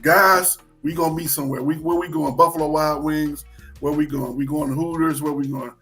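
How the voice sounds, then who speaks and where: A man's voice: on the high side, fairly even intonation, brisk, bright, forceful tone, soft background music. A man co-hosting a sports talk show, chatting casually, repeating phrases and plugging other shows.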